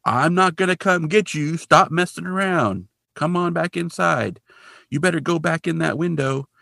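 A man doing a gruff, scolding male orderly. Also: mid-range voice, animated, fairly quick, bright, forceful tone, dry recording, studio quality, pitched above the performer's own voice. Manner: snappish, scolding. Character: gruff bullying male nursing-home orderly.

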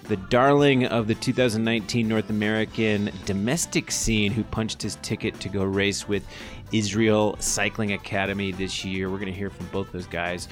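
A man hosting a podcast, talking in a quick, upbeat, chatty way as he opens the show and questions his guest. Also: fairly low pitch, flat delivery, faint music behind. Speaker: podcast host. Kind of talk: casual podcast interview. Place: Boulder, Colorado studio.

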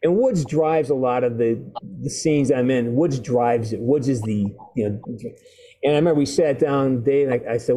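A middle-aged man, a guest actor on a video call, telling stories with loud bursts, restarts and salty language. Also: medium pitch, moderate pace.

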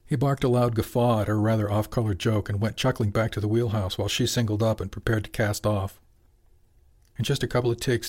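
A man narrating a serialized audiobook in a steady, even storytelling manner. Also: fairly low pitch. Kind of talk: scripted narration.

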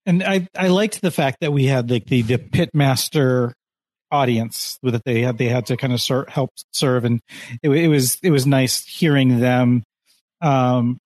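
A man's voice: medium pitch, unhurried, a little mellow, no room sound. A man co-hosting a podcast in casual chat, easygoing and analytical. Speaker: podcast co-host.

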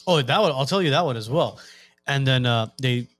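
A man hosting a podcast, telling a joke story in a relaxed, casual way. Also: mid-range voice, fairly quick. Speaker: podcast host.

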